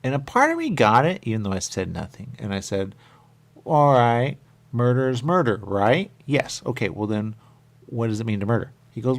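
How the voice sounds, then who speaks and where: A man's voice: medium pitch, sing-song, normal speed. A man hosting a radio show, talking in a rambling, repetitive monologue that keeps circling back with small chuckles.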